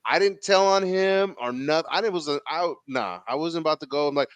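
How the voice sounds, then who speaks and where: A man's voice: fairly high pitch, a little fast, clean tone, no room sound. A man in his thirties with a Southern Californian accent telling a story as a podcast host, casual and profane, acting out the people he quotes.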